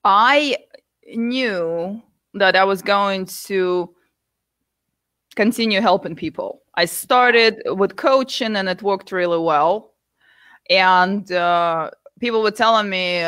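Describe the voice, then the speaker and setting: A woman's voice: medium pitch, slow pace, dry recording. Candid woman guest, dry close sound. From United States. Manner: candid, animated storytelling with laughs. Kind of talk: interview conversation.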